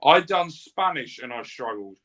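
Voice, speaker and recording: A man's voice: medium pitch, lively intonation, normal speed, bright, forceful tone. Chatty English man hosting a wrestling review. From England. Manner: chatty, rambling, jokey. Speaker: wrestling review show host. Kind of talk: casual chat.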